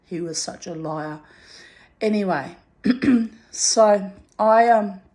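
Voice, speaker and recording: A middle-aged woman telling a personal anecdote in an animated way, acting out the dialogue. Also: medium pitch, slow pace. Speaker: storyteller.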